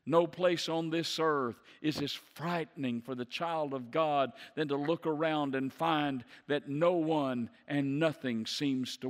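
A man preaching a sermon, moving from low, hushed passages to loud, impassioned declarations. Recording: long hall reverb.

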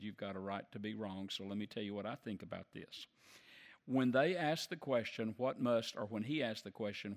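A male pastor delivering a sermon, emphatic and slowing down to stress key words. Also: on the low side. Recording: long reverb of a large hall.

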